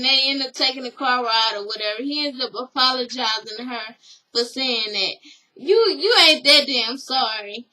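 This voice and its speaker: A young woman with a high, bright voice gives a casual recap. She is sassy and blunt and uses plenty of slang. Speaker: vlogger recapping a reality show. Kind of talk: casual chat.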